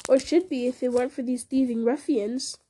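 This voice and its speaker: A woman's voice: high voice, steady tone, a little fast, dark tone, breathy edge. Brief: woman voicing a prim hobbit housewife, storybook reading. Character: prim middle-aged female hobbit housewife.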